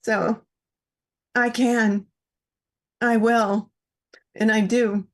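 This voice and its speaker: A woman on an online call sharing personal experience in a heartfelt, halting way. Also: a little high, flat delivery. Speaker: panel participant. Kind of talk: casual online chat.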